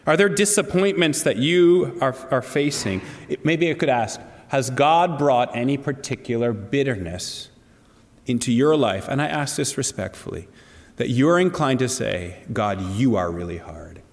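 A man's voice: medium pitch, animated, normal speed, in a large hall. A man preaching a sermon to a congregation, earnest and asking them direct questions. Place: church hall.

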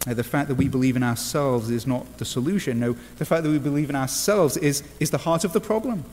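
A man's voice: mid-range voice, fast, a little mellow, long reverb tail. A man from England with an English accent, preaching an earnest sermon with wry asides and frequent "uh" fillers. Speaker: pastor.

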